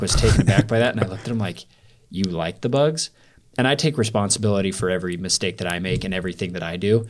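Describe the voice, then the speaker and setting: Male podcast guest, very low voice, candid and rambling storyteller. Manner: rambling, filler-heavy, candid. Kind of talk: storytelling in a casual interview.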